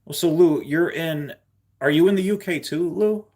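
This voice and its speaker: A man hosting a livestream, chatting casually with viewers and reading their comments out loud. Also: on the high side, normal speed. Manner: chatty, rambling, ranting. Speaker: livestream host.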